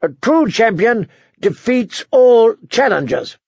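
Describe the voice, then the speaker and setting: A man's voice: very high-pitched, big pitch swings, slow, darkish tone, slightly rough, dry recording, pitched above the performer's own voice, exaggerated voice. A spoiled, drunken teenage king shrills his taunts in a voice pushed well above the reader's own, as a man puts him on. He sounds gleeful and cruel. The audiobook recording is dull and dry.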